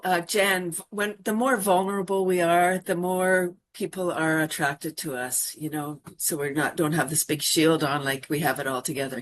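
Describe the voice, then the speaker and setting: A woman's voice: fairly low pitch, fairly bright tone. A woman from Canada, a panel guest, chatting casually and laughing between thoughts. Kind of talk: casual chat.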